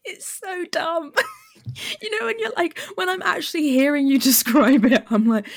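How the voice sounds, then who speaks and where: A woman's voice: high voice, normal speed. A British woman guesting on a casual film podcast, giggly and playful, slipping into mock voices. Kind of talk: casual film review chat.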